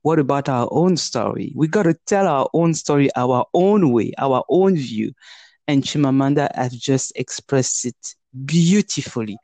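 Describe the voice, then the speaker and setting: A woman's voice: extremely low pitch, expressive, dark tone, dry recording. A Congolese woman with a French accent, co-hosting a podcast in casual, earnest chat that often stops and restarts. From Democratic Republic of the Congo. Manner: earnest, halting, with many restarts. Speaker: podcast co-host.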